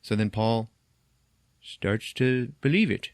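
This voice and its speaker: A man's voice: mid-range voice, animated, slow pace, no echo, studio quality. A man hosting a podcast, casually retelling a movie's plot, acting out the characters' lines and laughing often. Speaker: podcast host. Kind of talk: casual film recap.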